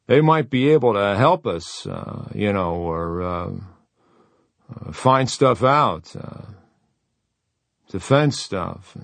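A man's voice: on the low side, expressive, slow pace, vocal fry, long pauses, dry recording, full character voice. A man reading an audiobook, voicing a timid, unsure man who hesitates and trails off with many fillers.

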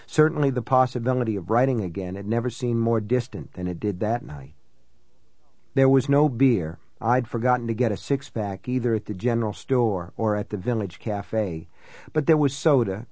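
A man narrating a first-person novel in a measured, reflective reading. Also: medium pitch, darkish tone, no room sound, highs cut off. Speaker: audiobook narrator.

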